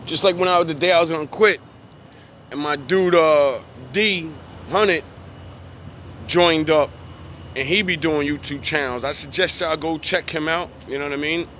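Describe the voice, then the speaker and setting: A man's voice: on the high side, normal speed, fairly bright tone, slight background noise. A young man giving a casual, preachy monologue in profane street slang, worked up as he preaches. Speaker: vlogger.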